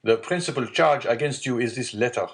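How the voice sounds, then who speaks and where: A man's voice: mid-range voice, a little fast, voice pushed up, natural voice. A man voicing a stern male magistrate who hides his panic in a read-aloud storybook, with a curt, commanding delivery.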